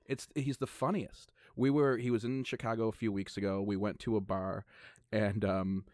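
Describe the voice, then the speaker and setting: A man in relaxed conversation, reflecting and telling a story about a friend, chuckling as he talks. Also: fairly low pitch, moderate pace, no room sound, studio quality. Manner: easygoing, reflective, chuckles while talking. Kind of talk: casual chat.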